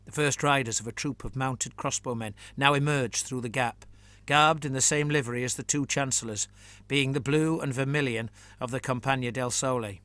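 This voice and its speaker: Male narrator for a scripted story; measured reading, dry close recording. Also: medium pitch, steady tone, fairly bright tone, no room sound.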